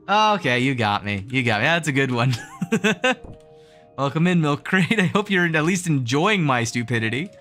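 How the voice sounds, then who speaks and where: Lively, bright-voiced young man streaming a game. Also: on the high side, moderate pace, faint music behind. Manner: chatty and self-mocking, laughs often, reads chat aloud; counts jump timing aloud in a rhythmic sing-song. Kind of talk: casual gaming livestream chat.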